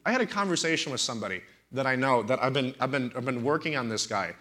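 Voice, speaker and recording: Bright-voiced preaching man. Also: medium pitch, quick pace. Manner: animated storytelling, emphatic and indignant. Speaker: pastor. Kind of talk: preaching on a talk show.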